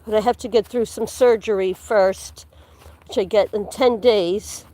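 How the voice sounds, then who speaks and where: A woman's voice: medium pitch, fairly even intonation, unhurried, dark tone. A woman hosting a livestream, chatting casually and rambling as she walks through the woods. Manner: chatty, rambling, laughs often, drops to a whisper at times. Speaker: livestream host. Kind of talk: casual chat while walking outdoors. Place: walking through woods outdoors.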